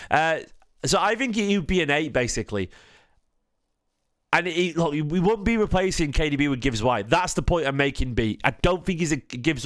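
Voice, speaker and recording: A tired man, hosting a casual football fan stream, rambling with frequent restarts and questions to his chat. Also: medium pitch. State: tired, half asleep. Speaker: football fan channel host.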